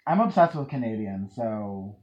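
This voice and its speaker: A woman hosts a podcast with a lively, swinging pitch. She jokes and swears casually in relaxed chat. The sound is dull and lo-fi. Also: normal speed. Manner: animated, joking, swears casually. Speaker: podcast host.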